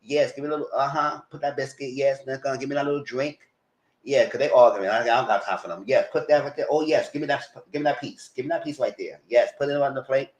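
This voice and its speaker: This commentary channel host talks fast in a medium-pitched voice, using AAVE. His live recap is casual, blunt and chatty, and he acts out what he told the cast.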